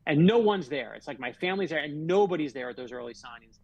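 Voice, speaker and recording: Guesting on a radio interview, a middle-aged Florida author shares stories with heartfelt, emphatic sincerity. His husky voice runs on the high side, expressive and fast, and the recording is dry and dull.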